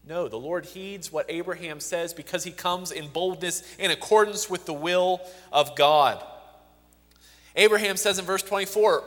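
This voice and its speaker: A man's voice: high-pitched, normal speed, a bit bright, in a large hall. A man preaching a sermon, reading scripture aloud with rising emphasis and often restarting phrases.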